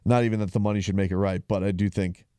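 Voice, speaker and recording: A man's voice: fairly low pitch, steady tone, fast, mellow, clean tone, no echo, studio quality. A man hosting a combat sports show, talking casually with many fillers and restarts. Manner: rambling, frequent fillers and restarts. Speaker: podcast host.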